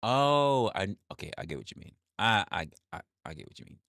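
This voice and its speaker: Animated man reacting to stream chat. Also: on the low side, fast talker, dry recording, clean studio sound. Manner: reacts loudly to chat, swears, repeats himself, laughs often. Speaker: livestream host reading chat. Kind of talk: casual livestream chat.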